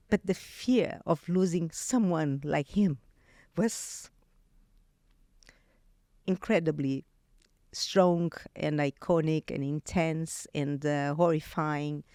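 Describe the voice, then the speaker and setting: A guest, a woman with a Brazilian Portuguese accent, tells a personal story in a deep, slow voice. She's animated, with many restarts and fillers, and the recording is studio quality with no echo.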